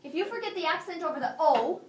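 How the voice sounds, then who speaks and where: A woman teaching a high school Spanish class, drilling students with call-and-response prompts in English and Spanish. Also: animated, fast talker. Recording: echoey classroom from far off, faint noise.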